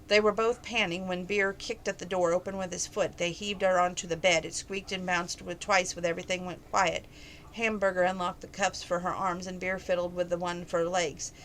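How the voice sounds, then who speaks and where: A woman's voice: on the low side, fairly bright tone, slight background noise, rough recording. A woman reading a novel aloud, with frequent stumbles and self-corrections. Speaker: reader of a novel.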